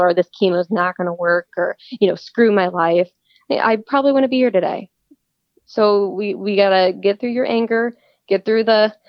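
A woman's voice: mid-range voice, no room sound. A woman talks earnestly in a casual interview, often restarting and repeating words as she goes. The recording is dull and lo-fi, with no room sound at all. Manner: earnest, repeats words when starting sentences. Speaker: guest, cancer patient. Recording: dull lo-fi dry audio.

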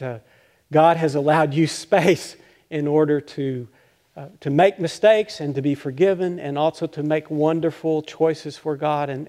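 An older male pastor delivers a conversational sermon, poking fun at himself as he halts, restarts, and chuckles lightly. His voice is fairly high in pitch yet dark in tone.

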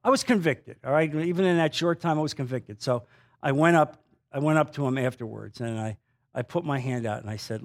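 A man preaching a sermon in a confessional storytelling manner, swinging between loud emphasis and hushed asides. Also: medium pitch, brisk.

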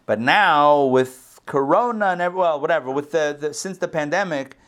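Teaching Torah on a video call, this man keeps things casual, fixing his own slips and checking in with the people listening. His voice is a little high and a bit bright, and his pace is moderate.

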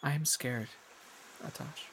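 A man voicing a gentle, earnest young woman who talks in a halting, plain, formal way. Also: fairly high pitch, slight background noise, voice pushed up. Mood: tender.

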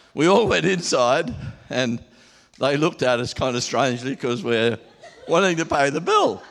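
A man's voice: medium pitch, creaky. A man preaching an informal sermon in a church hall, telling stories in a chatty way and laughing often.

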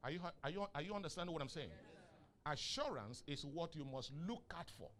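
A Nigerian man preaching a sermon, asking the congregation questions and rising into shouts on key lines. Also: a little high, expressive, fairly quick. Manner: asks the crowd questions and waits for answers. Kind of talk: sermon with call and response.

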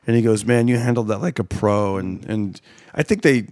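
A man's voice: on the low side, moderate pace, a little mellow, no echo, clean studio sound. A man who does stand-up, chatting casually about shows on the road, rambling and full of "like" and restarts. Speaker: stand-up comedian. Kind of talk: casual chat, telling road stories.

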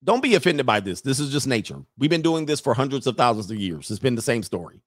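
A man's voice: mid-range voice, fast, dry recording, clean studio sound. Emphatic man ranting on a livestream. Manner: animated, laughing, emphatic. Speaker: livestream host. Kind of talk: casual livestream rant.

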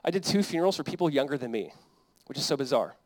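A man's voice: mid-range voice, animated, quick pace, no room sound. A young adult man, a pastor, preaching a sermon in an earnest, conversational way that builds to emphatic peaks.

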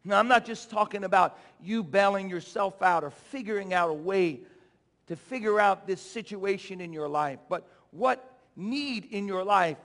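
A male pastor preaching a sermon with impassioned swings from shouting to low, urging the congregation to respond. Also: moderate pace. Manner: call-and-response exhortations. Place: church sanctuary. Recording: long church reverb.

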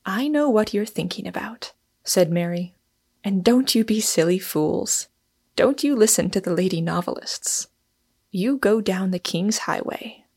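A woman's voice: mid-range voice, lively intonation, unhurried, darkish tone, slightly rough. A woman reading a novel aloud, voicing a hearty, plain-spoken young wife who talks lightly and bluntly. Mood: brisk.

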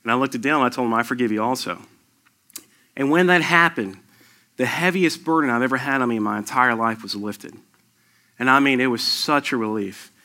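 A man's voice: mid-range voice, a little fast, sharp tone. A man in his thirties giving an earnest sermon, telling a personal testimony with rising emphasis. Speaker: lay preacher sharing testimony.

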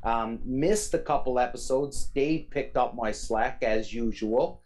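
A chatty man from Newfoundland with a light Newfoundland accent rambles through a casual podcast chat. He talks at an everyday middle pitch and fills his sentences with ums and uhs. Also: a little slow, gravelly, darkish tone. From Newfoundland, Canada. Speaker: podcast co-host. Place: remote call from home.

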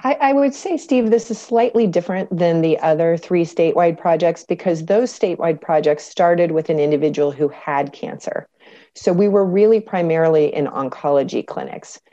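A woman with a low voice works through a detailed explanation in an interview, pausing on fillers as she goes. The sound is dull and lo-fi. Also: mellow. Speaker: cancer researcher guest. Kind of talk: podcast interview answers.

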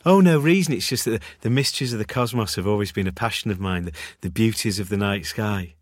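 A man plays a stargazing young chemist from Manchester with a low, soft voice. He speaks wistfully and enthusiastically about the night sky. The recording is dry and close. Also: fast, no room sound, natural voice. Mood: dreamy. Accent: Mancunian. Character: dreamy stargazing young male pharmacist.

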